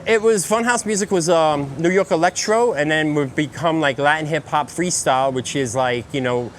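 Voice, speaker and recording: Brooklyn-accented man, rambling and animated. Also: a little high, moderate pace, a little hiss or hum. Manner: rambling, animated storytelling with many fillers. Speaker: DJ guest. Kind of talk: casual interview on a walk. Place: outdoors on a city street.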